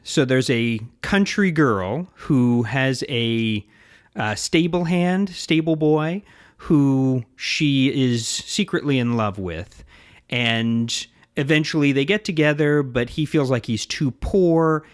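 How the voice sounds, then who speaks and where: A man in casual podcast chat at a middle pitch, with a dry, close sound. He explains things at length, full of asides and little digressions. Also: animated, slow pace, clean tone, no room sound. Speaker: podcast co-host.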